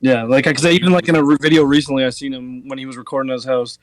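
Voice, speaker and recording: Talking very fast with a steady tone and mid-range voice, a man hosts a podcast in casual chat. He rambles through stories, packing them with fillers like "like."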